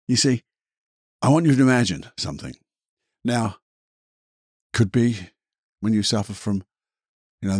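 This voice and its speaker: A man hosting a reflective podcast, gentle and rambling, leading a guided imagination exercise with a soft laugh at himself. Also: on the low side, dry recording, clean studio sound. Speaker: podcast host and therapist.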